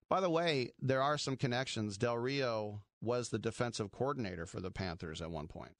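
A man's voice: mid-range voice, a bit bright, no room sound, clean studio sound. A middle-aged man hosting sports radio, chatting in a wry, rambling way and laughing at his own jokes. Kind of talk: casual sports talk radio.

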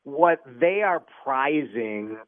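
A man who works as a TV news anchor, a guest on a radio chat show, who speaks in an animated, opinionated way and is quick to joke. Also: mid-range voice, no echo, narrow, tinny audio.

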